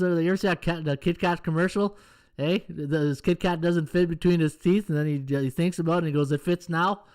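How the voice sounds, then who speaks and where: A middle-aged man, hosting a casual live-stream betting show, rambling and joking with chat viewers. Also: on the high side. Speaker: podcast host, sports handicapper.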